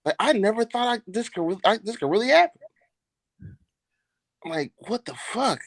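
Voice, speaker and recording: A man's voice: high-pitched, very animated, fairly quick, dry recording. A man telling a long, profane story in casual podcast chat, laughing as he goes.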